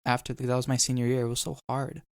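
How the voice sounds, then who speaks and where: A man's voice: mid-range voice, level tone, quick pace, gravelly, no echo, studio quality. A young man hosting a podcast, telling an emotional story in casual chat and swearing now and then. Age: young adult. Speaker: podcast host.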